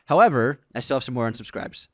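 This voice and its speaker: A man's voice: medium pitch, lively intonation, fast talker, fairly bright tone, dry recording, studio quality. A man co-hosting a casual movie podcast. He laughs a lot as he reads listener comments aloud. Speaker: podcast co-host.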